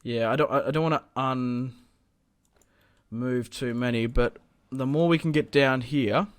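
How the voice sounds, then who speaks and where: A young man hosting a gaming channel, giving live strategy game commentary in an excitable, think-aloud way with many fillers. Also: mid-range voice, a little slow, dry recording, studio quality.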